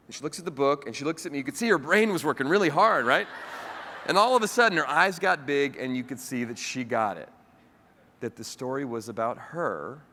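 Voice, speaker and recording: A keynote speaker with a mid-range voice shares a heartfelt personal story, animatedly performing the dialogue of its characters. He speaks to a live audience in a large hall, captured with long reverb and a little hiss or hum.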